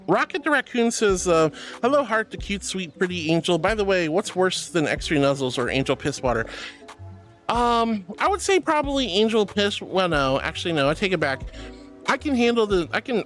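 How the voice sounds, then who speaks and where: With a lowish voice, a woman streamer reads out viewer messages and chats casually. She's affectionate and bubbly, giggling, teasing, and calling everyone sweetie and honey.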